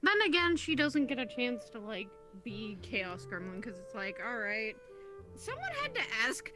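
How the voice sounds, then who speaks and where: A woman chatting casually as a player in a tabletop game, giggly and animated. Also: fairly high pitch, normal speed. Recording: background music. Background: music.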